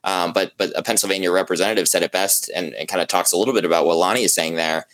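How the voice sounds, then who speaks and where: A man, a journalist, talking as an interview guest in a halting, conversational way. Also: low-pitched, fairly even intonation, a bit bright, rough recording. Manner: halting, many fillers and restarts, conversational.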